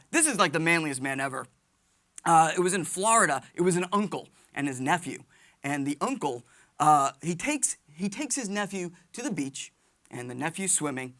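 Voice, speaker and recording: A man from the United States, an Army veteran, doing stand-up comedy storytelling in an animated, excitable way. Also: a little high. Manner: animated, excitable, jumps between voices.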